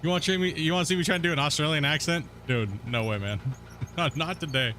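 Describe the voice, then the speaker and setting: A man's voice: a little high, fast talker, bright, forceful tone, slight background noise. A young man casually chatting while he streams a game, laid-back and laughing at himself, cursing freely. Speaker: gaming streamer. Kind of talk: casual live-stream chat while playing.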